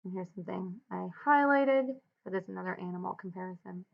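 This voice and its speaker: Teacher lady walking students through a reading, measured, asks questions, dull lo-fi audio. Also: on the low side, vocal fry. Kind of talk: read-aloud with guided commentary. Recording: dull lo-fi recording.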